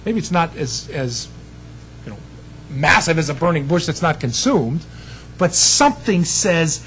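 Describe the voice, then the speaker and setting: A man's voice: a little high, big pitch swings, measured pace, a bit bright, faint music behind, low-quality recording. A male pastor preaching a sermon in a conversational way, often checking in with "you see" and "amen" before closing in prayer.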